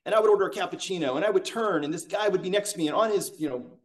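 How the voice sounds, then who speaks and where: An over-excited young salesman who launches straight into his pitch, as a man puts him on with a raised voice. The voice sounds set back from the microphone. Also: very fast, recorded from a distance, close to an everyday voice. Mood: eager. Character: eager young male salesman, pushy and transactional.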